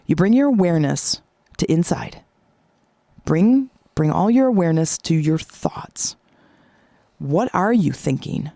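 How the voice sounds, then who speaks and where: A woman's voice: on the low side, lively intonation, unhurried, pauses often, dark tone, dry recording, studio quality. A woman hosting a motivational podcast, coaching listeners in an emphatic, repetitive way. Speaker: podcast host.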